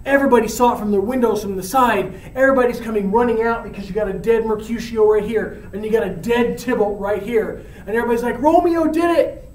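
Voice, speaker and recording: A male teacher retelling a story in a casual, animated way with slang. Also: high-pitched, quick pace, few pauses, slight background noise. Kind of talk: storytelling lesson. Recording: echoey room, mic at a distance.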